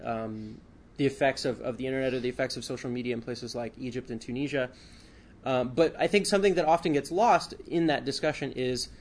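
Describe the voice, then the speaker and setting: A man's voice: mid-range voice, darkish tone, slight background noise. A male author speaking at a book talk, hesitant with many fillers, then reading a passage from his book.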